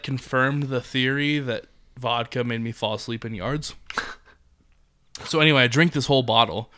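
A man's voice: medium pitch, pushed and bright, clear, resonant tone. A young man casually telling a rambling drinking story, swearing and laughing along the way. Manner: laid-back, swearing, laughs mid-story.

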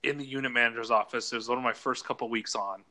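Bright-voiced man telling crude stories. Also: mid-range voice, fairly even intonation, fast. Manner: crude, laughing storyteller, acts out voices. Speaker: podcast co-host, former prison case manager. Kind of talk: casual storytelling chat.

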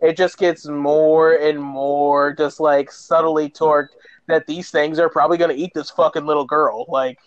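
A man with a fairly high voice tells a movie plot with a lot of swearing and lively energy, jumping into the characters' lines. The recording is dull and lo-fi. The room sounds completely dry. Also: moderate pace, dry recording. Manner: profane, animated storyteller, acts out quotes. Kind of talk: casual movie recap.

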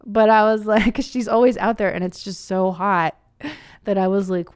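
A woman's voice: mid-range voice, fairly even intonation, moderate pace, clean tone, no echo, clean studio sound. A woman in her forties hosting a podcast in casual chat, frank and chatty and often laughing. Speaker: podcast host.

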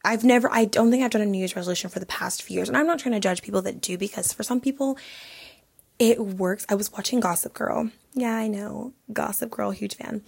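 A chatty young woman in her twenties talks through a solo podcast. Her voice is husky with a gravelly edge, and "like" fills her sentences. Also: medium pitch, a little fast, darkish tone. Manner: chatty, heavy use of "like". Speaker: podcast host. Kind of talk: casual solo podcast chat.

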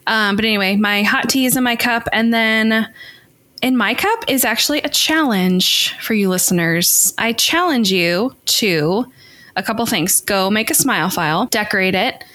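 A woman's voice: mid-range voice, moderate pace, sharp tone. A woman co-hosting a podcast, talking in an upbeat, encouraging way to her listeners. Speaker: podcast co-host. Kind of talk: casual chat.

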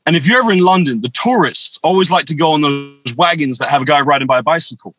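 Guest, male, bright and a touch high, chatty anecdote teller. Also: quick pace, low-quality recording. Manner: animated, rambling anecdotes with quoted dialogue. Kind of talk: casual storytelling on a video chat.

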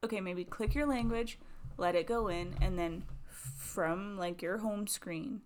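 A woman's voice: medium pitch, measured pace, slight background noise. A woman co-hosts a podcast from a small home studio. She chats casually, laughs often and fills her talk with "like". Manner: giggly, chatty, lots of "like". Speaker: podcast co-host. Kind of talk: casual chat.

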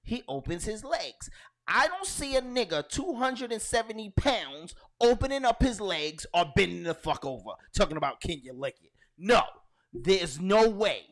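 A man co-hosting a podcast, talking in loud, animated, profane banter and storytelling. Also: sits high, moderate pace. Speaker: podcast co-host. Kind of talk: casual banter.

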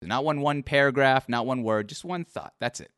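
A man hosting an online interview show, asking set questions and bursting into excited praise. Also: medium pitch, normal speed, a little hiss or hum. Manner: animated, breaks into excited laughing praise. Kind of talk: casual online interview over voice chat.

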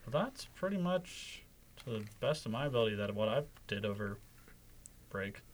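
A man's voice: fairly low pitch, lively intonation, normal speed, slight background noise. Young man rambling through an anecdote. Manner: rambling, amused storytelling. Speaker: podcast co-host. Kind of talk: casual chat.

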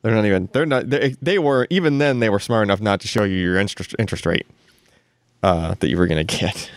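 Animated man hosting a podcast. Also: on the low side, fast, no echo, clean studio sound. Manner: animated, laughs often, restarts. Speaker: podcast host. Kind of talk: casual podcast chat.

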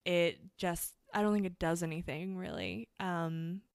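A woman's voice: lowish voice, sing-song, a little slow, vocal fry, clear, resonant tone, no echo, studio quality. A woman co-hosting a podcast, explaining things in a chatty way with lots of fillers. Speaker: podcast co-host. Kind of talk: casual chat.

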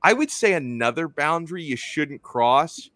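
A man's voice: on the high side, animated, moderate pace, fairly bright tone, dry recording. Chatty male sports show host, dry sound. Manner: loose, chatty delivery full of restarts. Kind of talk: casual sports chat.

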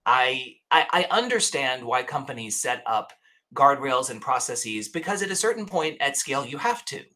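A man's voice: mid-range voice, sing-song, moderate pace, pushed and bright. A man talking as a guest in a casual interview, emphatic and storytelling, often restarting his sentences. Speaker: podcast guest.

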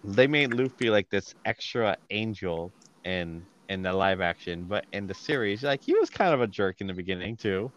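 A man co-hosting a casual podcast chat, opinionated and animated, with lots of fillers. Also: lowish voice, normal speed, hardly any pauses, dull audio, noisy background. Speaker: podcast co-host.

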